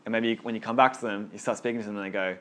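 Low-voiced man leading a Bible study. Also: racing. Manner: earnest, repeats words when excited. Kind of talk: casual group teaching.

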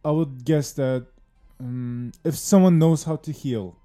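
A man plays a stern interrogator who presses for a confession in measured, formal speech. His voice is deep-toned and mellow, with faint music underneath. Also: close to an everyday voice. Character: stern male interrogator, officious and persistent. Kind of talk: audio drama acting.

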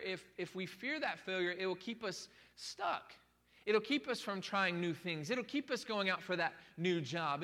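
Bright-voiced joking pastor in a church hall. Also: male voice, sits high. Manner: chatty and joking, with many restarts, building to emphatic calls. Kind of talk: casual conversational sermon. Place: church sanctuary with a congregation.

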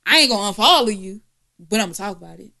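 A woman's voice: mid-range voice, expressive, fast, sharp tone. A woman co-hosting a podcast in casual chat, blunt and profane, laughing often. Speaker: podcast co-host.

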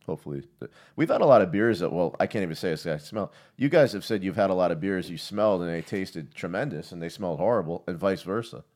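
Very deep fast-talking man. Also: lively intonation, darkish tone. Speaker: podcast co-host. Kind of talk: casual chat, whiskey tasting.

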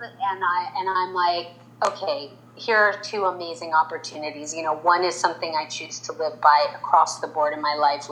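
Fortyish woman guest, lowish voice, storytelling, acts out quotes all animated. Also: slight background noise, low-quality recording. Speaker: makeup artist, guest. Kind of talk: storytelling interview answer.

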